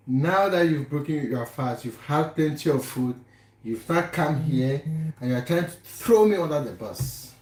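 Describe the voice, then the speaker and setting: A fairly high-voiced young man from Cameroon chats on a live stream, teasing viewers by name as he reads their comments. He talks in a casual, playful way. His voice rings around a reverberant home kitchen. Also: expressive, normal speed, a little mellow. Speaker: livestream host. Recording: echoey kitchen room.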